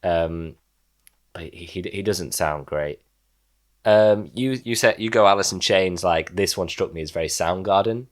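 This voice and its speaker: A man co-hosting a podcast, giving his opinions on an album in a measured, hesitant way, often pausing on ums and likes. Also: deep voice. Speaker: podcast co-host. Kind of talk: casual album review chat.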